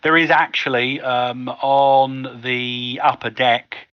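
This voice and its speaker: A man's voice: medium pitch, fairly even intonation, clear, resonant tone, no room sound, highs cut off. A man running a tabletop game as game master, narrating scenes with frequent ums. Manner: descriptive, unhurried with fillers.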